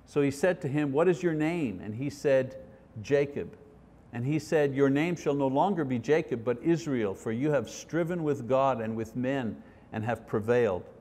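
A middle-aged man teaches a Bible study in an earnest, conversational way, moving between plain talk and reading aloud. His voice sits at a middle pitch. A long hall reverb trails behind each phrase. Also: moderate pace, mellow.

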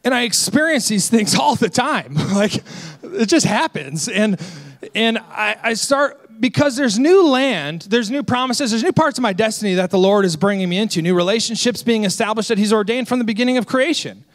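High-voiced young male pastor preaching. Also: normal speed. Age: 20s. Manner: energetic, storytelling with self-deprecating humor. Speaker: senior associate pastor. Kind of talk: sermon.

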